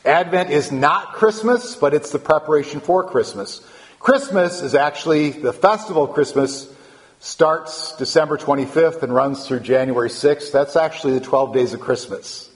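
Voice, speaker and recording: A man's voice: on the high side, moderate pace, long reverb tail. A man preaching a conversational sermon as the pastor of a small church, often restarting phrases and building emphasis. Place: church sanctuary.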